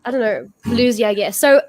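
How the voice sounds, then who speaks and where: A woman's voice: on the high side, animated, moderate pace, dry recording. A woman hosting a casual online music show, gushing and restarting her sentences as she chats. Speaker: host. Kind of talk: casual chat and live singing.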